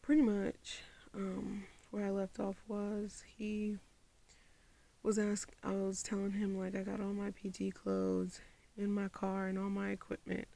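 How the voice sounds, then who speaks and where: A woman's voice: mid-range voice, a little slow, vocal fry. A young woman vlogger telling a personal story to her viewers on a phone camera, casual and conversational, acting out the back-and-forth of the conversation. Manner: animated storyteller who acts out quoted dialogue. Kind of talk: storytime vlog, casual retelling.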